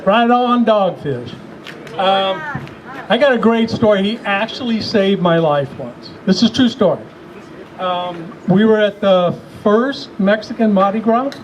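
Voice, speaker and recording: High-voiced man telling a rowdy tale. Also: measured pace, dull audio. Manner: rowdy, laughing, bawdy anecdotes. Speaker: mourner telling a story at a memorial. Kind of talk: casual storytelling to a crowd. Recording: noisy crowd around the mic.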